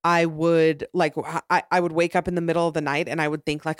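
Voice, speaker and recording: A woman's voice: low voice, flat delivery, a little fast, hardly any pauses, dry recording, clean studio sound. Chatty young woman podcast host. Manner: chatty, rambling with frequent "like" and restarts. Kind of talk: casual solo podcast chat.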